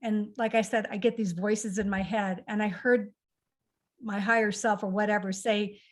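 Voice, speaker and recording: A middle-aged woman tells a heartfelt family story at a conversational pace, slipping into the lines of the people she quotes. Her voice sits at an ordinary middle pitch and carries a lot of feeling. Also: steady tone, normal speed. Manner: emotional, acts out quoted dialogue. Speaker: author guest.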